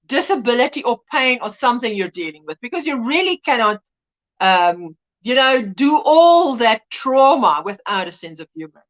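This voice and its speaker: A middle-aged woman hosting a casual livestream, chatting and reading out viewer comments as an animated storyteller who mimics voices and laughs often. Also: a little high, moderate pace, lo-fi sound. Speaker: livestream host.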